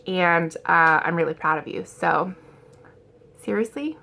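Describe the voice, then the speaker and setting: A woman's voice: lowish voice, a little slow, gravelly, pauses often, sharp tone. A woman in her thirties talking casually in a rambling, self-deprecating vlog, full of ums and likes, and scatterbrained by her own account. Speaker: vlogger.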